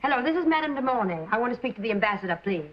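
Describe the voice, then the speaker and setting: An actress playing a breezy, headstrong society wife in a 1940s film, flippant and unflappable. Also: female voice, a little high, lively intonation, rapid-fire, lightly acted. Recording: dull old film soundtrack.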